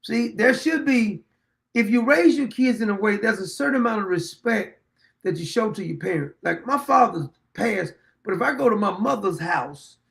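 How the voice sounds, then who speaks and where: A middle-aged man holds forth in a blunt, rambling rant as host of his own show. His voice sits high for a man and carries a gravelly rasp, and he keeps circling back to the same points like a preacher. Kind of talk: opinionated monologue.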